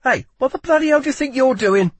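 A man's voice: high voice, very animated, measured pace, breathy edge, no room sound, voice pushed up, full character voice. A man voicing a curt, fierce young woman thief in an audiobook, snapping out short, impatient lines.

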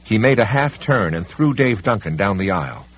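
Male audiobook narrator, husky, animated pitch, dramatic, dull recording. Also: normal speed. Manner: dramatic, varied storytelling delivery. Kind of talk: scripted narration.

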